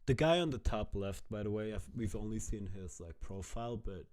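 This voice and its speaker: A man with a fairly low voice, chatting loosely while reacting to a clip. He swears freely and talks straight to his viewers. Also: lively intonation, moderate pace, darkish tone. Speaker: streamer reacting to a video. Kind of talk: casual reaction commentary.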